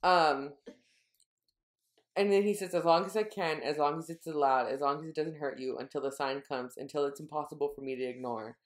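Woman podcast co-host with a deep, low voice, casual recap with murmured quotes. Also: brisk. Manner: retells scenes, quoting dialogue in a low murmur. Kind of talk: casual book-recap chat.

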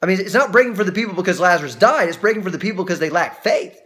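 A pastor delivers rapid-fire teaching on a Bible passage in a high-pitched voice. His style is conversational and full of restarts, and he gets lively acting out quoted lines.

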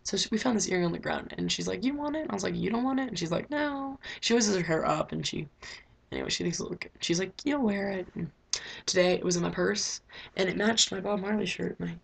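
A teenage girl chats to her webcam in a loose, rambling diary vlog, piling on fillers as she goes. Her voice sits low for a girl, with a husky, gravelly edge. It sounds like a small bedroom recording. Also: quick pace. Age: teens. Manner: chatty, rambling, lots of "like" fillers. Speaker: vlogger.

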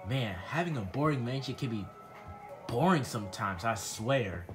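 A man's voice: mid-range voice, expressive, normal speed, faint music behind, lightly acted. A man voicing a smug, spoiled rich man who talks down to everyone with a bossy drawl. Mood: bored.

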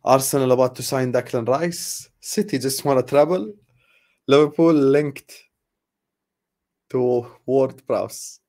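A man's voice: medium pitch, slow pace, long pauses, a little mellow. A young man venting casually to his viewers in a sarcastic, frustrated way, laughing at times and trailing off into sighs. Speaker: football fan vlogger. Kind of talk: casual ranting chat to viewers.

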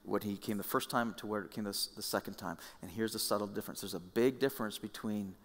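Bright-voiced male pastor preaching. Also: lowish voice, fast, in a large hall. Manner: conversational, animated storytelling with restarts. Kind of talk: sermon. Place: church hall.

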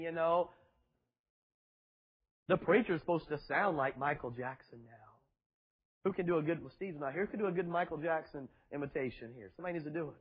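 A man's voice: fairly high pitch, a little fast, husky, dull audio. A man preaching a fiery sermon to a congregation, emphatic and full of rhetorical questions and mocking asides. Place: church before a congregation.

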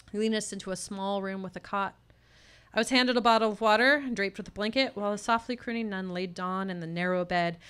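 A woman's voice: fairly low pitch, fairly bright tone, clean tone. A woman telling a personal story at a live storytelling showcase, voicing the people in it as she goes. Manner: personal story told with tense quoted dialogue.

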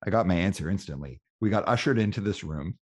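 A man hosting a podcast and telling a story in a chatty, animated way. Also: sits low, quick pace, slightly rough. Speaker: podcast host. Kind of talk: casual storytelling in an interview.

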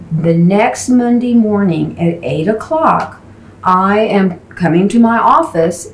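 Animated woman preacher in an echoey room. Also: fairly low pitch. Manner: animated storyteller, shifting between quick and slow emphatic delivery. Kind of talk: storytelling sermon. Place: mission chapel.

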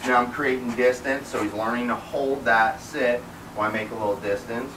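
A man's voice: medium pitch, fairly even intonation, fairly quick, reverberant, recorded from a distance, background noise. A man working as a dog trainer, explaining his method while giving the dog commands mid-sentence, with many fillers.

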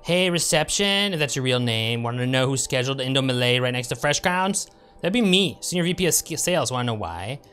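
A man's voice: medium pitch, expressive, fairly quick, hardly any pauses, sharp tone, clean tone, faint music behind. A man voicing a condescending male corporate sales executive, reading a letter aloud in a sneering tone.

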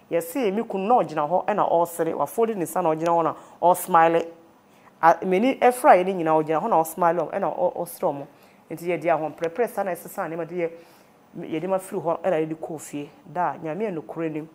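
Mixing English and Twi, a Ghanaian-accented woman being interviewed tells a painful personal story as emotional testimony. She speaks fairly quickly, with a lowish voice and a darkish tone.

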